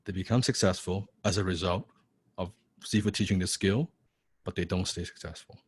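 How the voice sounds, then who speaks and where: Brief: male coach, blunt and salty, drives points home, lowish voice, dry close sound. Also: fairly even intonation, moderate pace, husky, no room sound. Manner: blunt, profane, keeps asking "right?"; repeats key lines for emphasis. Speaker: copywriting coach. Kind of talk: live online coaching class.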